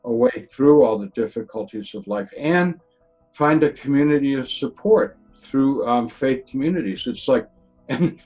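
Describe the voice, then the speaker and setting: A man's voice: mid-range voice, lively intonation, moderate pace. Man, earnest storyteller, rambles and restarts, dull lo-fi sound, faint music underneath; plain testimony read. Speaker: near-death experience witness.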